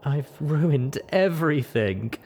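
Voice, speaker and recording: Audiobook role: a timid crying young pegasus mare, read by a man, high and trembling. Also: lively intonation, a little slow, a little hiss or hum, lightly acted. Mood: tearful. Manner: soft, timid. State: crying, shaky. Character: fragile tearful young female pegasus pony. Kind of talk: audiobook reading.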